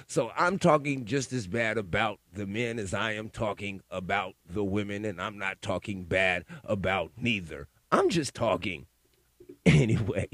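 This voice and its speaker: Gravelly, lively male podcast host. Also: mid-range voice, no echo, clean studio sound. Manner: profane, rambling, opinionated storytelling. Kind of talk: casual solo podcast monologue.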